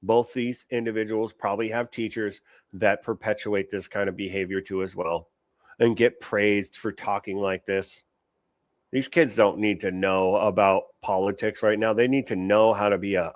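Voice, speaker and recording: A man's voice: lowish voice, fairly even intonation, moderate pace, no echo. Blunt, swearing man with a dry sound. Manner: blunt, opinionated, swears often; rambling, restarts sentences. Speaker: show host reacting to viral clips. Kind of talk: profane reaction commentary.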